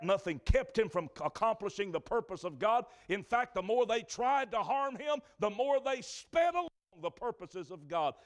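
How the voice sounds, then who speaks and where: A man preaching a sermon in a church, telling the stories dramatically and swinging between loud and hushed delivery. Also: high voice.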